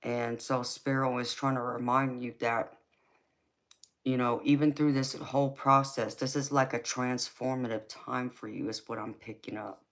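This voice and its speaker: A woman's voice: extremely low pitch, fairly even intonation, moderate pace. A woman with a Southern US accent, a tarot reader chatting through a live reading, reassuring and loose, with lots of "you know". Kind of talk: live-stream tarot reading, answering chat.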